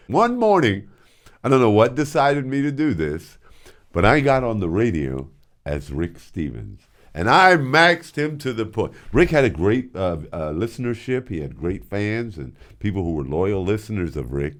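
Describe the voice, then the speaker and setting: An older man spins long anecdotes from his radio days, his voice a little low but swinging widely in pitch. He breaks into mimicry and sound effects as he goes, casual and unscripted. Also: unhurried. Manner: animated storyteller doing voices and sound effects. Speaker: host, former radio DJ. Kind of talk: casual storytelling.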